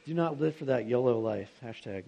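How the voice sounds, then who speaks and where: A man's voice: mid-range voice, animated, fairly quick, vocal fry, mellow, muffled recording. A young man preaching a sermon to students, in a conversational and earnest way, with rhetorical questions.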